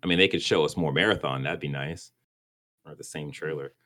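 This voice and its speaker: A man's voice: extremely low pitch, a little fast, bright, forceful tone. A man co-hosting a casual gaming podcast, rambling and stumbling over words, often restarting and laughing. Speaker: podcast co-host.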